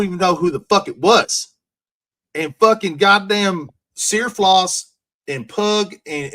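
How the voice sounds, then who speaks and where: Man, casual chat on a call, swears a lot, rambling anecdotes, sharp bright tone. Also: high voice. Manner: profane, rambling storyteller.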